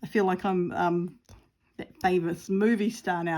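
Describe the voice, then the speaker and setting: A craft channel host chats casually while crafting at home, rambling, giggly and self-deprecating, with lots of fillers. Her voice is lowish and darkish in tone, with fairly even intonation and a slightly slow pace.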